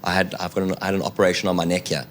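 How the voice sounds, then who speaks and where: Rambling storyteller man, lowish voice. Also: flat delivery, very fast, a little hiss or hum. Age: 30s. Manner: rambling, full of "like" and acted-out quotes. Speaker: podcast guest. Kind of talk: animated storytelling chat.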